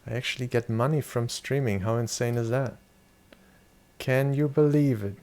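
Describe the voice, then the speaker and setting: A young German streamer talks at normal speed in a mid-range, darkish voice. While gaming, he keeps up a loose conversation with viewers, answering their questions and swearing now and then.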